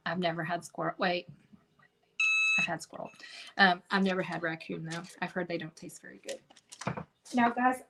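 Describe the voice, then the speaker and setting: A woman's voice: on the low side, fairly bright tone, a little hiss or hum. Middle-aged woman, craft host, chatty storyteller, talks right to viewers. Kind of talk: casual chat while crafting.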